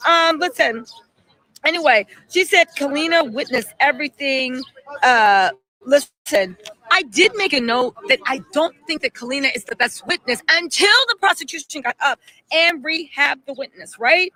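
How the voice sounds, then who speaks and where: Woman live streaming, high bright voice, animated chatty commentary, reads out viewer msgs. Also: normal speed, low-quality recording. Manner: emphatic, rhetorical questions.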